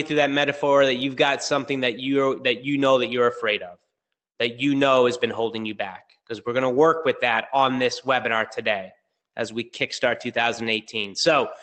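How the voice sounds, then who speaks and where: Energetic male business coach, 30s, bright voice, storyteller. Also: medium pitch. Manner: energetic storytelling, acting out both sides of a dialogue. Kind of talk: motivational webinar talk.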